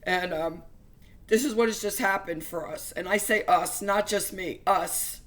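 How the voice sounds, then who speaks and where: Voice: mid-range voice, measured pace, a bit bright. A religious vlogger giving an emotional personal testimony to viewers, speaking earnestly and fervently with stumbling restarts.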